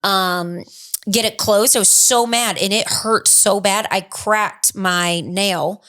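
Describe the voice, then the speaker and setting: A woman's voice: mid-range voice, fairly even intonation, slow, bright, forceful tone. A middle-aged woman co-hosting a podcast, recounting her days in a chatty, rambling way. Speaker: podcast co-host. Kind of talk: casual chat.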